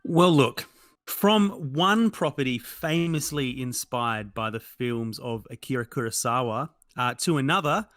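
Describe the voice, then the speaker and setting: A man's voice: mid-range voice, a little slow, a bit bright, no echo. A man chatting casually on a games podcast, rambling and self-mocking with lots of ums and restarts. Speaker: podcast co-host. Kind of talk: casual chat about games.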